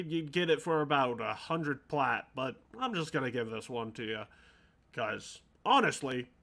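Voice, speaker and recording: A man voicing a gruff shopkeeper in a tabletop game, putting on a gravelly voice. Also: mid-range voice, a bit bright. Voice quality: gravelly put-on voice. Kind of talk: tabletop role-play voice acting.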